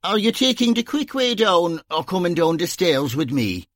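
A man's voice: high voice, very animated, moderate pace, dry recording, voice pushed up. A man with an Irish accent voicing a wry, teasing Dublin police officer who talks in dry, sardonic banter.

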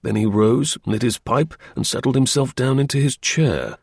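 A man narrates a story in a steady, even audiobook reading. His voice is gravelly and husky, in a mid range. The recording is dry and close. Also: medium pitch, moderate pace, dry recording.

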